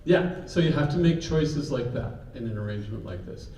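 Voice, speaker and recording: In an echoey room with the mic far off and a little hiss or hum, a male vocal clinician coaches a vocal group. His mellow, mid-range voice has lively intonation and a moderate pace as he counts in and sings short example phrases.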